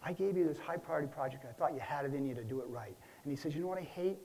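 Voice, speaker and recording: A man playing a shaken, halting client. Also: mid-range voice, fairly even intonation, dark tone, breathy edge, poor audio. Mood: rattled. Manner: halting, many restarts and fillers. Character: stressed middle-aged man recounting a relapse. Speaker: role-play client. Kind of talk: counseling role-play.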